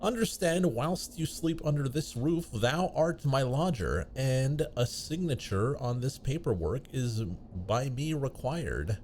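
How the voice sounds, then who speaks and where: A stiffly formal video-game character who speaks in slow, ornate old-fashioned English, voiced by a man. The pitch still rises and falls with feeling. A faint background hiss stays under the voice. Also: lively intonation, a little mellow. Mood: stately.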